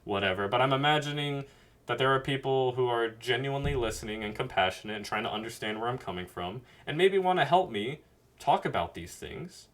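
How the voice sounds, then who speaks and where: A man thinking out loud on a livestream, earnest and a little rambling. His voice is bright and pushes forward at a middling pitch. He sounds close to a computer mic. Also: expressive, a little fast. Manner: earnest, rambling, self-reflective. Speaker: streamer. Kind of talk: casual livestream monologue. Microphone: webcam mic at a computer.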